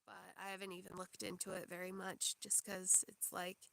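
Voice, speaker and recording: A woman's voice: lowish voice, completely flat delivery, moderate pace, gravelly, fairly bright tone. A young woman hosting a livestream, chatting casually in a rambling way, full of fillers and small laughs. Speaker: livestream host. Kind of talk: casual chat.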